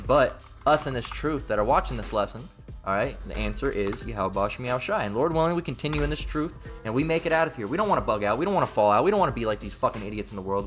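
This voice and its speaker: A man's voice: medium pitch, fairly bright tone. Man, informal bible lesson, blunt, emphatic, swears, repeats himself, faint music underneath. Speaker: religious teacher.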